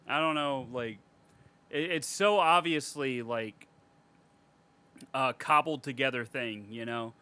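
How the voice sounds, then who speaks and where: A man's voice: medium pitch, slow pace, pauses often, pushed and bright, clean tone. A man co-hosting a podcast, chatting casually about a horror movie in a rambling, profane way with frequent laughter. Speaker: podcast co-host.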